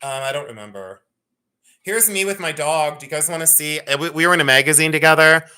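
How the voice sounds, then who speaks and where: A woman's voice: low voice, a little fast, sharp tone, slight background noise. A middle-aged woman hosting a livestream sale, chatting casually and teasing herself as she shows old photos. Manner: chatty, self-mocking, playful. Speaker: livestream jewelry sale host.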